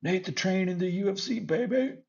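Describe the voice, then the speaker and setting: A man doing a brash boasting fighter, high-pitched. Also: animated, a little fast, a little mellow, dull audio. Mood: boastful. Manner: brash, chanting, self-promoting. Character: boastful young male fighter hyping himself.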